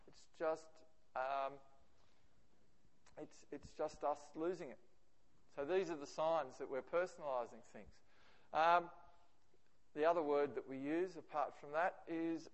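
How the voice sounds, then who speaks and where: A man with an Australian accent giving a lively, conversational presentation to teachers. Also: a little high, unhurried, long pauses. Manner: animated, acts out quoted remarks. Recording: reverberant hall.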